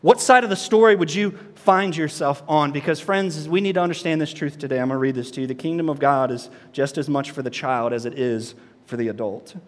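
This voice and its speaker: Male pastor, high voice, impassioned sermon, big reverberant church hall. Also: fairly quick. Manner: impassioned preaching, swings from quiet to shouting.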